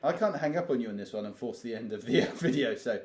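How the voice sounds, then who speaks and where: A man's voice: mid-range voice, animated, quick pace. Dry, teasing man in an echoey room. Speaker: co-host. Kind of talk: casual chat. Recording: roomy echo, faint noise.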